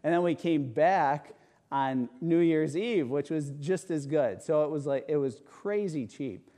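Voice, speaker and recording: A man preaching a conversational sermon, telling a personal story with animated rhetorical asides. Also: fairly high pitch, unhurried. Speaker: pastor.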